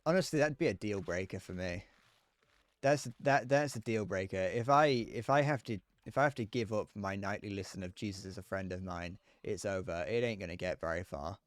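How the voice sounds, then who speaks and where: A man streaming a game, rambling and joking as he thinks out loud, often restarting his sentences. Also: lowish voice, a little fast, no echo. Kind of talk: casual gameplay commentary.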